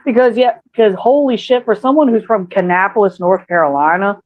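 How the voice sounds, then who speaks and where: A woman's voice: medium pitch, moderate pace, long pauses. A woman co-hosting a podcast in casual chat, swearing freely and laughing often. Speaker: podcast co-host. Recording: tinny phone-like line.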